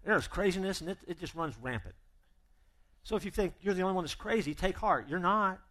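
A man's voice: high voice, a little fast. A man preaching a sermon as pastor, humorous and emphatic, acting out both sides of imagined conversations. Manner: animated and emphatic.

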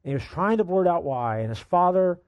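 A man's voice: high-pitched, animated, brisk, a little mellow, dry recording, highs cut off. A man preaching a sermon, telling a story in an earnest, dramatic way.

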